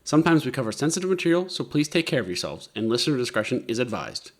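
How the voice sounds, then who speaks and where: A man's voice: mid-range voice, big pitch swings, fast talker. A man hosting a podcast in casual chat, playful and jokey. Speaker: podcast host.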